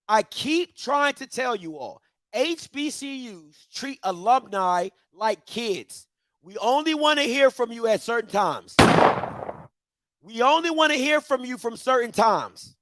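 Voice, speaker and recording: A man's voice: extremely high pitch, expressive, a little slow, a bit bright, no echo. A man delivers a heated, emphatic opinion rant. He hammers home repeated rhetorical questions. The sound is dry and close to the mic. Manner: emphatic, repetitive rhetorical questions, mock-voices others. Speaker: commentary show host.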